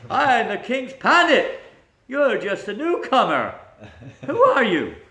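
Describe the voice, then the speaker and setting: A man's voice: lowish voice, big pitch swings, unhurried. A man voicing an arrogant court priest who indignantly boasts of his rank, recorded in an echoey room.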